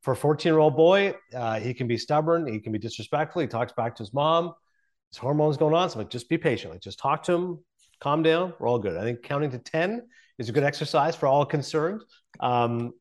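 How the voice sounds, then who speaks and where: Earnest man, reflective and candid. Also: medium pitch. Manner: earnest, reflective, many restarts. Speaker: guest, sports broadcaster. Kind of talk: conversational interview.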